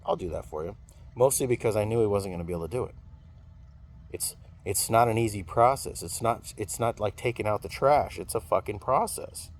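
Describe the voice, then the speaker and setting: A man's voice: lowish voice, a little fast. A man telling a story in a casual venting monologue, rambling and swearing freely. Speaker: vlogger venting.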